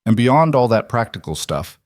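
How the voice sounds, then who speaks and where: A man's voice: medium pitch, big pitch swings, normal speed, no echo, studio quality, close to an everyday voice. A man voicing a plain-spoken, protective frontier trapper in a storybook reading. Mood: reflective.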